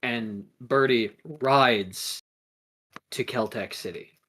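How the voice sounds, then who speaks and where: A woman narrating a tabletop game as game master, casual and animated. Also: a bass voice, drawn-out words.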